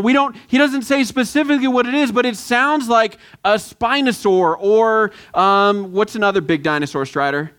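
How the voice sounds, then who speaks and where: High-voiced man preaching casually. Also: a bit bright. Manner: conversational, halting restarts. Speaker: pastor. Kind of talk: sermon.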